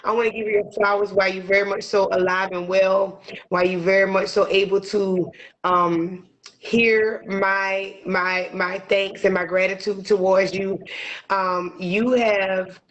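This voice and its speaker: A woman's voice: medium pitch, little pitch movement, a little slow, lo-fi sound, a little hiss or hum. A woman co-hosting a podcast, voicing heartfelt, near-tearful gratitude and repeating her phrases. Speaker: podcast co-host. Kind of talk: emotional podcast chat.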